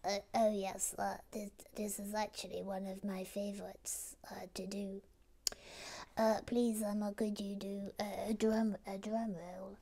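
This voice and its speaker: A woman voicing a shy, timid little character who speaks in a hushed, breathy whisper. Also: medium pitch, flat delivery, moderate pace, few pauses, slight background noise, lightly acted.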